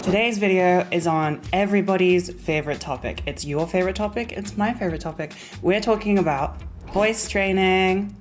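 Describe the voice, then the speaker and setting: A woman's voice: mid-range voice, normal speed, music in the background. A young woman vlogging at home in a casual, chatty way, full of fillers and little asides. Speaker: YouTuber. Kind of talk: casual vlog talk.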